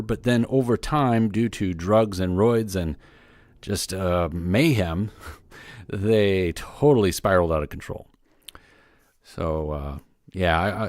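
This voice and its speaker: Low-voiced man rambling through a podcast update. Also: a little mellow, dry recording, clean studio sound. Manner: loose and rambling, many fillers and restarts. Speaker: podcast host. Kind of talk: casual solo podcast update.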